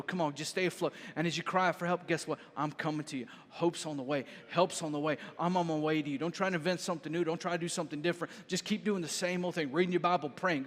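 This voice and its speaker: Male pastor, high voice, animated preaching style, long hall reverb. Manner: animated, storytelling, raises voice to shout lines. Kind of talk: sermon. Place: church hall.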